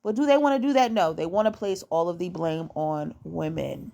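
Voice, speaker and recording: A woman's voice: lowish voice, brisk, creaky, dark tone. A young woman giving dating advice in a casual monologue at home. She is blunt and profane and repeats her points to hammer them home.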